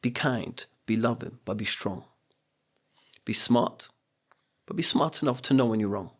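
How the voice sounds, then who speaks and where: On a podcast, a middle-aged man who works as a coach and speaker shares personal stories in a reflective way. His mid-range voice runs a little slow, his tone is earnest and motivational, and he acts out quotes.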